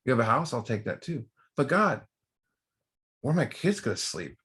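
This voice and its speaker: A man's voice: medium pitch, sing-song, moderate pace, fairly bright tone, breathy edge, pitched above the performer's own voice, heavily acted. A man voicing a desperate old drunk man pleading with God in a told parable. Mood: panicked.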